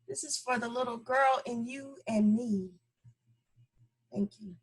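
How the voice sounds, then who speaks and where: A woman performing a spoken-word poem in a slow, tender, deliberate way with dramatic swells. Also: on the high side, steady tone, breathy edge, poor audio. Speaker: poet.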